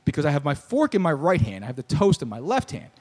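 A young man hosting a podcast, telling a story in casual sports-talk banter, animated, riffing and ranting with laughs. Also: fairly high pitch, fast talker. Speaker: podcast host.

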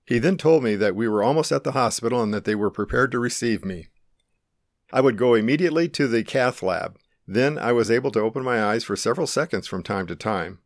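A middle-aged man calmly and earnestly narrating his own life-or-death experience in the first person. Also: medium pitch, a little fast, no echo, clean studio sound. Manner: calm, earnest, reflective.

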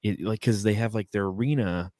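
A man's voice: fairly low pitch, fairly quick, darkish tone, no room sound, studio quality. A man co-hosting a podcast, telling rambling, profane stories in casual chat over a remote call. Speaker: podcast co-host.

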